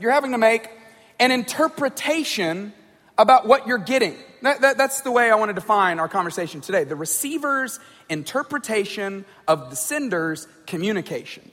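A man with a high voice gives a casual talk to a group, stumbling over words and often checking in with his listeners. His voice carries a long hall reverb. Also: pushed and bright. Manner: conversational, repeats words, checks in with "right?" and "okay?". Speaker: speaker addressing a group. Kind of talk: informal talk on communication.

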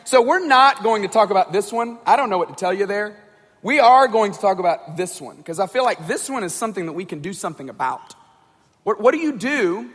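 A man with a high voice gives a casual talk to a group, stumbling over words and often checking in with his listeners. His voice carries a long hall reverb. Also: expressive, a little fast, a bit bright. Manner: conversational, repeats words, checks in with "right?" and "okay?". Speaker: speaker addressing a group. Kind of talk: informal talk on communication.

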